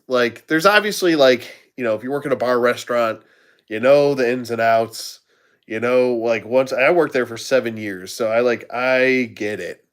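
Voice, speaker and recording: Laughing man telling kitchen stories. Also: mid-range voice. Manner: laughing often, acting out voices in his stories. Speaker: channel host. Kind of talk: casual storytelling chat.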